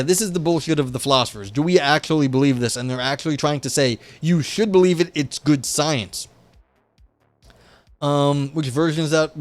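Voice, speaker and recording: A man's voice: on the high side, dry recording. A young man hosting a live stream, reading a philosophy paper aloud and breaking off into skeptical, offhand commentary. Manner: reads aloud, then breaks off into wry, skeptical asides. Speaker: livestream host reading a paper.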